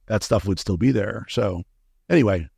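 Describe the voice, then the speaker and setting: A middle-aged man, guest on an interview and founder of a supplement company, tells candid, profane stories and acts out the dialogue. His voice is fairly low, a bit mellow and husky, with vocal fry, at a normal pace. The recording is studio quality with no echo.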